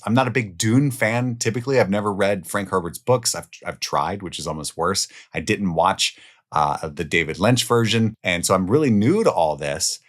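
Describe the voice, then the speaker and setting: Deep-voiced guy ranking his favorite movies, super casual, gets excited then drops quiet, swears a bit. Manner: enthusiastic, swears casually, jumps between loud highs and quiet lows. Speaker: film reviewer. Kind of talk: casual spoken movie countdown.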